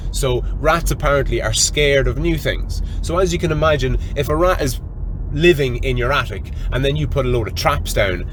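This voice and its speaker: An Irish man hosting a solo podcast, telling a story in an animated, profane way and calling his listeners lads. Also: medium pitch, a little hiss or hum. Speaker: podcast host.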